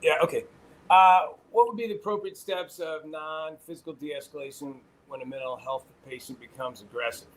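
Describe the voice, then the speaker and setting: A man's voice: on the high side, normal speed, rough recording. A man joining a call to ask a plain, direct question. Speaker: participant asking a question.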